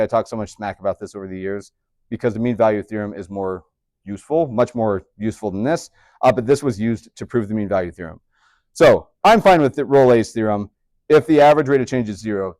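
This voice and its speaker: A man teaching a high school math class, chatty and upbeat, with joking asides to his students. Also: a little mellow, dry recording, clean studio sound. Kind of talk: classroom lecture.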